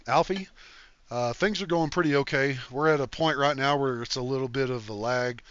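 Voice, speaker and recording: A man's voice: medium pitch, moderate pace, lo-fi sound, a little hiss or hum. Folksy older man reading stream chat. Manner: easygoing and folksy, thanks viewers warmly and reads chat aloud. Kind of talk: casual chat on a game stream.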